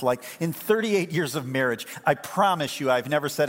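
A man's voice: a little high, lively intonation, moderate pace, few pauses, a bit bright. Man, older, pastor, joking sermon delivery, church reverb. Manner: conversational, humorous storytelling. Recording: long hall reverb.

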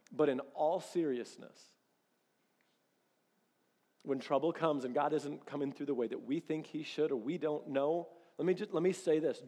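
A pastor in his thirties preaching a sermon in a casual, animated way, acting out little quoted exchanges. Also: on the high side. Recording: long reverb of a large hall.

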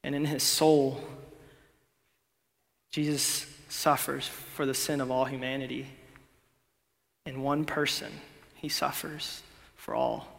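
A young man preaching a sermon in a laid-back, conversational way, sometimes dropping to a hush for emphasis. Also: medium pitch, little pitch movement, slow pace, gravelly, long pauses. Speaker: pastor. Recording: long hall reverb.

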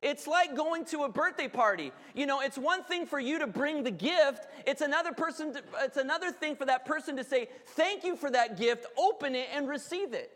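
A man preaching a sermon as pastor, lively with joking asides to the congregation. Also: very high-pitched, a little fast, few pauses. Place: church hall. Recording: reverberant hall.

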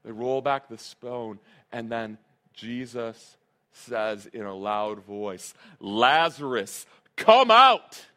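A man's voice: fairly low pitch, little pitch movement, takes it slowly, smooth. Earnest man preaching a sermon. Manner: earnest, emphatic, repeats key phrases. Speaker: pastor.

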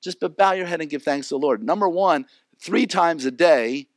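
Man preaching, a bit high voice, dry close sound, animated storytelling. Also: moderate pace, no echo. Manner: animated, acts out characters. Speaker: pastor. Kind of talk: sermon.

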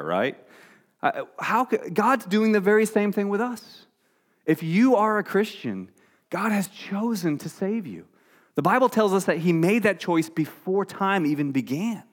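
A man's voice: fairly high pitch, big pitch swings, moderate pace. A man preaching a sermon in a conversational way, often restarting his phrases. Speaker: pastor.

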